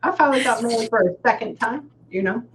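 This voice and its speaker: A woman with a Texan accent, a medium in a casual reading session, chatting and relaying messages, often pausing to say "hang on". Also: a little high. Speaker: psychic medium. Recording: slightly dull audio with faint background noise.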